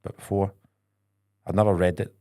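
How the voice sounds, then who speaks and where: A Scottish man co-hosting a podcast, chatting casually and telling animated stories with plenty of swearing. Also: low-pitched, moderate pace, no room sound, clean studio sound. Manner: animated storyteller, swears freely. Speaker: podcast co-host. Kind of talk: casual chat.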